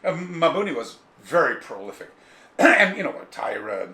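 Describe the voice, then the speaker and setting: A karate author, interviewed at home in an echoey room with faint ambience, tells stories with lots of energy at a moderate pace. His mid-range voice has some vocal fry, and he casually digresses and mimics the people he talks about.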